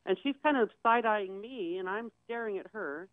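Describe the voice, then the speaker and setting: A woman's voice: mid-range voice, normal speed, no room sound. A woman telling a dramatic personal story, acting out the voices of the people in it. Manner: vivid, acts out quoted dialogue. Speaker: guest sharing her story. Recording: tinny phone-like dry sound.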